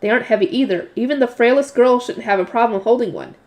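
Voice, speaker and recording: Brief: woman reading loud, passionate male combat teacher, slightly high voice. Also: fast, close to an everyday voice. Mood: passionate lecture.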